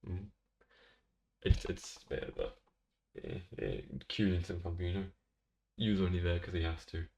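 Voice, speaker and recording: A man's voice: deep voice, moderate pace, creaky, warm tone. A young man talking in a rambling, jokey way and swearing casually, as he records a casual commentary into a microphone in his bedroom. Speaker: tier-list video host. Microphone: desk microphone.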